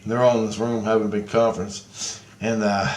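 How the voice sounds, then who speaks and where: A man's voice: on the low side, level tone, a little fast, slight background noise. A man casually retelling a dream in a rambling, profane way, full of fillers and "he goes". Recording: roomy echo.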